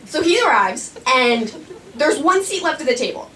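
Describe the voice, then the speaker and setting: Young woman telling a story on stage, high voice, kinda rambly and nervous, mic a bit far off. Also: big pitch swings, normal speed, bright, forceful tone. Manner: nervous, rambling, self-mocking. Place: small performing arts studio. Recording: stage voice from a distance with faint room noise.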